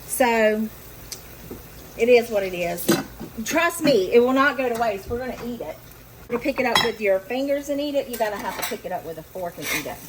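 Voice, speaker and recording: Chatting casually to her viewers while she cooks, a woman pokes fun at her own slip-ups in a home kitchen video. Her fairly high voice is animated and brisk. Loud sizzling from a frying pan and other background noise fill the recording.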